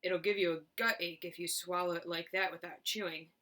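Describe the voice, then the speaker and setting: A woman voicing a fat, excitable male shopkeeper in a children's storybook reading, shouting high and fast when thrilled. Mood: pleasant.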